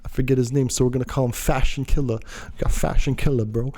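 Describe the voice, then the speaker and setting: A man's voice: mid-range voice, steady tone, fast, dark tone. A man telling a personal story in a laid-back, slangy, rambling way that drifts into musing.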